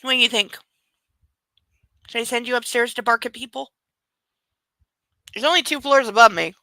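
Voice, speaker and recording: A woman's voice: a little high, normal speed, pushed and bright, dry recording, poor audio. A woman hosting a casual late-night livestream from home, cooing baby talk to her dog and swearing freely. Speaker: livestream host.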